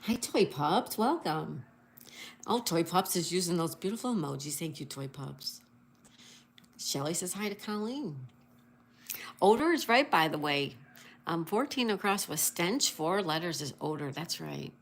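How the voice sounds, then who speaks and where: Woman streaming crosswords, lowish voice, friendly chatter, spells answers out. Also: lively intonation, unhurried, creaky. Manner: greets viewers and reads chat aloud. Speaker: livestream host. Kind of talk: casual livestream chat.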